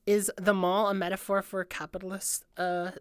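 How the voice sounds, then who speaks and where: A woman's voice: medium pitch, little pitch movement, moderate pace, clear, resonant tone, no echo, clean studio sound. A woman streamer giving a casual improvised breakdown of an album, rambling with lots of filler words and free swearing.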